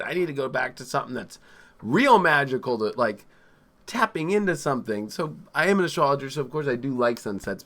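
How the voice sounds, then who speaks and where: A man hosting a live astrology show, talking in a rambling, excitable and profane way, swinging from loud outbursts to low mutters. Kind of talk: live-streamed casual astrology talk.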